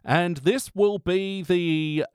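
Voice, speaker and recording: A man's voice: high voice, fairly even intonation, drawn-out words, clean tone, no room sound, clean studio sound. A man hosting a casual podcast chat, laughing often. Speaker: podcast host.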